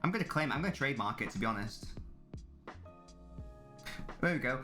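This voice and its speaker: A man's voice: mid-range voice, expressive, brisk, pauses often, pushed and bright, soft background music. A man, chatting casually and joking as a live streamer reacting to a football match, rambling and swearing freely.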